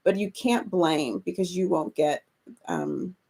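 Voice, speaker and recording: A woman co-hosting a casual chat about remodeling investment properties, agreeable and quick to laugh. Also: fairly low pitch, expressive, gravelly, dark tone, breathy edge. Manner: encouraging, agreeable, laughs often. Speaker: co-host.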